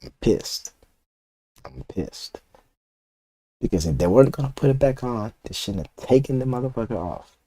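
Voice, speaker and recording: An older comic artist of Puerto Rican roots rants casually and profanely to his chat while inking. His mid-range voice is animated, quick and dark in tone.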